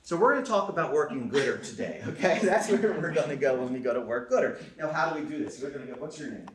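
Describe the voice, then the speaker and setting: A man giving an energetic seminar talk to a live audience, firing questions at the room in a quick, punchy way. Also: a little high. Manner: fast, punchy, asks the crowd questions. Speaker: presenter. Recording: echoey room recorded from a distance.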